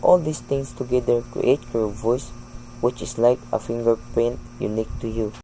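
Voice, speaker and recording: Young guy explaining in class, mellow dark voice, a bit of hum in the room. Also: mid-range voice, normal speed, low-quality recording. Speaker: student presenter.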